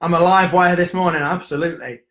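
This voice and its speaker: A young man from the UK chatting casually and hyperactively on a live stream, joking and telling quick stories. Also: fairly high pitch, steady tone, fairly bright tone, reverberant. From United Kingdom. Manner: hyper, jokey, quick storytelling with acted voices. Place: indoor room at home.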